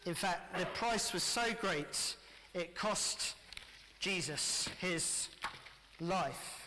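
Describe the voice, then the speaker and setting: A middle-aged English man preaching a lively family sermon in church, often speaking to the children. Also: high-pitched, very slow, noisy background. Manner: lively, addressing children directly. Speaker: pastor. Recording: church hall reverb.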